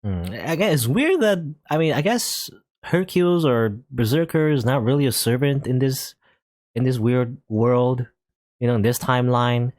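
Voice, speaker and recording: A man's voice: mid-range voice, expressive, normal speed, darkish tone, no room sound. A young man hosting a let's play, reading a visual novel aloud and musing over it, often hedging as he thinks aloud.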